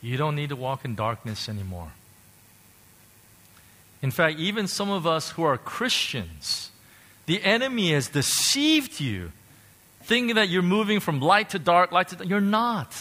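A male pastor preaching passionately, swinging from loud to hushed as he leads an altar call. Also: on the high side. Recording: music playing under the preaching. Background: worship music.

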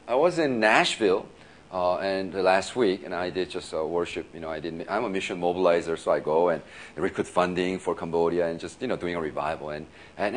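A low-pitched male pastor delivers a sermon through casual storytelling. He laughs frequently and peppers his talk with "you know" and quick restarts.

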